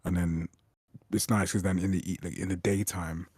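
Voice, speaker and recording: A man's voice: low-pitched, moderate pace, husky, no room sound, studio quality. A young man, a game developer chatting casually on a stream, rambling and swearing as he tells stories. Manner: rambling, swearing, animated retelling. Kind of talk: casual chat.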